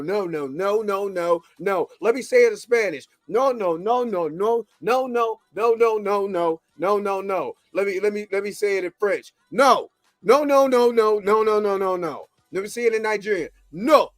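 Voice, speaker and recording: A man's voice: sits high, no echo. A man hosting his own show, ranting casually with lots of repetition. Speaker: show host. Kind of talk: casual commentary.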